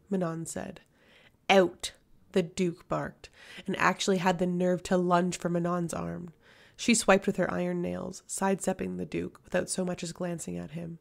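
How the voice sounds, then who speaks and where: A woman narrating a fantasy novel audiobook in a steady, measured reading. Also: lowish voice, creaky. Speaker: audiobook reader.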